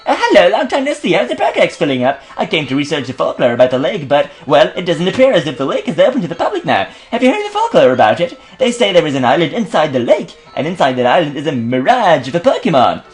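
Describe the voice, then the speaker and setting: A man voicing a calm, friendly young female champion who chats gently. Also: a little high, fast talker, hardly any pauses, soft background music.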